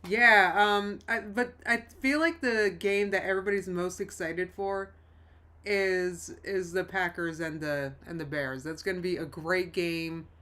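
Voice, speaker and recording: A woman hosts a casual live stream with a bright, forceful voice. She talks in a rambling way, cuts herself off and restarts, and laughs often while reading chat comments aloud. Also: fairly low pitch, fairly even intonation, a little slow. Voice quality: rambling, self-interrupting. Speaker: livestream host.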